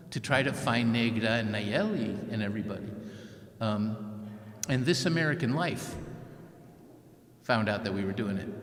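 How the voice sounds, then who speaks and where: A man giving a keynote speech as an author, telling a story vividly and acting out what people said. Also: on the low side. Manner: vivid storyteller who acts out quotes. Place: large church hall. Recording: long church reverb.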